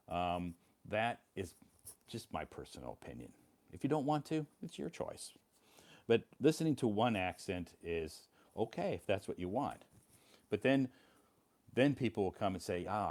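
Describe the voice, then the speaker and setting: A man's voice: deep voice, darkish tone. An American man hosting a casual English-learning live stream from home, rambling and reassuring, often repeating himself. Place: his home.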